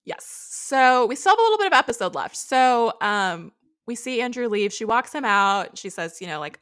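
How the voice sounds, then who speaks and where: A woman's voice: medium pitch, normal speed, clear, resonant tone. A woman co-hosting a podcast, recapping a reality show in casual, chatty storytelling. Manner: chatty, animated storytelling with acted quotes. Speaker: podcast co-host.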